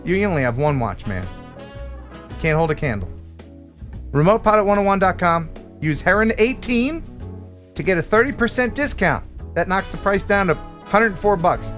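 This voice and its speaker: Casting note: American male host, high and lively voice, punning banter. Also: normal speed, faint music behind. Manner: animated, punning, jokey delivery. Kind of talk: live stream chat with jokes and sponsor reads.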